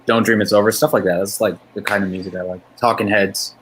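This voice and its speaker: A man's voice: fairly low pitch, steady tone, fast talker, crowd noise, rough recording. A man in casual chat as a guest, laid-back and easygoing.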